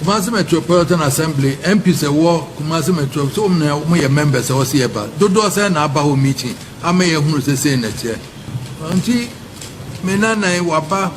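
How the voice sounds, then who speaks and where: A man making a formal, pleading public appeal to chiefs at a gathering, with halting restarts. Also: fairly high pitch, lively intonation. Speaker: speaker addressing chiefs at a public forum. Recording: noisy ambience behind the voice.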